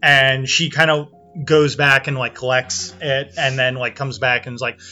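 A man narrating as game master of a tabletop game, halting often with fillers and restarts. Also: medium pitch, little pitch movement, pushed and bright, faint music behind. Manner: hesitant, many fillers and restarts.

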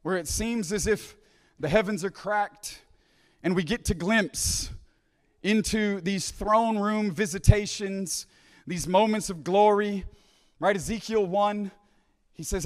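Brief: male preacher, high-pitched, "right?" asides, big reverberant hall. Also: takes it slowly, long pauses. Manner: repeats phrases, restarts, "right?" asides, drops to hushed quoting. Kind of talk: conference sermon. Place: large conference hall.

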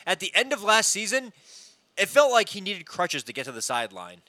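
Lively, blunt co-host man, bright voice. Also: high-pitched, a little fast, no room sound. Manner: lively, blunt, swears often. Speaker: podcast co-host. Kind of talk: casual sports talk.

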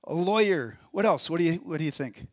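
A male pastor with a slightly high, expressive voice preaches briskly in a church, with no echo. His sermon is conversational, and he poses questions to the congregation.

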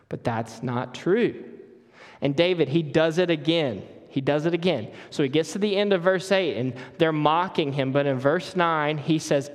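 Conversational male preacher, slightly high voice. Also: moderate pace, long reverb tail. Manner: conversational, questions the congregation. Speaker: guest preacher. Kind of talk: sermon. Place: church sanctuary.

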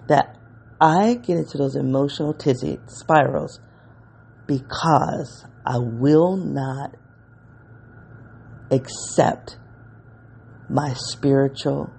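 A podcast host giving a reflective solo monologue, emotional and halting, often stopping to search for words and correct themselves. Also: mid-range voice, creaky, dark tone, breathy edge.

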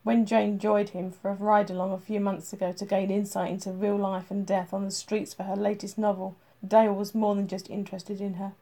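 Woman narrating with a gravelly, warm voice. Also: medium pitch, flat delivery, brisk, hardly any pauses. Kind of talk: audiobook narration.

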